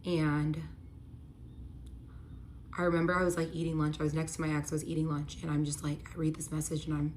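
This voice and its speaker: A woman's voice: low voice, fairly quick, long pauses, a little hiss or hum. A young woman casually telling a personal story, acting out both sides of the argument and filling her speech with "like". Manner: animated retelling with many "like" fillers, quoting both sides of arguments. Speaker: storyteller recounting her relationship.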